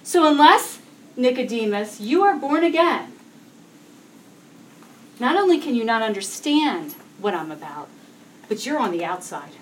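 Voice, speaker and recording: Woman preaching, high voice, very lively pitch, rhetorical questions. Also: a little slow, pauses often, a little hiss or hum. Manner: expressive, rhetorical questions, reads scripture aloud. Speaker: Bible teacher. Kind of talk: sermon, Bible teaching.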